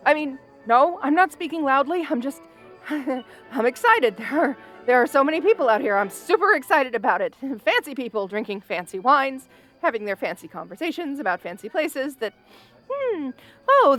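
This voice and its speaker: A woman's voice: high voice, fairly bright tone. A woman voicing a brash but anxious young orc woman in an audio role-play, stammering, laughing nervously and insisting she is fine. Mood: nervous bravado.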